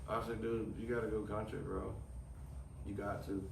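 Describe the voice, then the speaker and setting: A man's voice: on the low side, normal speed, vocal fry. A man, a guest telling long, profane, rambling stories in casual chat. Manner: profane, rambling, animated storyteller. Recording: roomy, distant mic, noisy.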